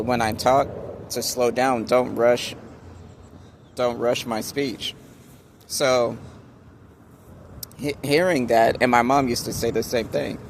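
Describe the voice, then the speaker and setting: A man giving a casual motivational talk to camera, speaking slowly and deliberately with many pauses and restarts. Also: mid-range voice, a little hiss or hum. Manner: slow, deliberate, halting speech with many restarts. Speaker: vlogger.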